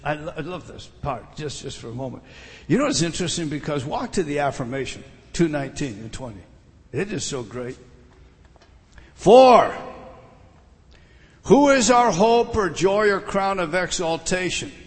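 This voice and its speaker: A man's voice: on the high side, very animated, normal speed, long pauses, long reverb tail. A middle-aged man preaching a sermon, emphatic, often repeating words and putting questions to his listeners. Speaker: pastor.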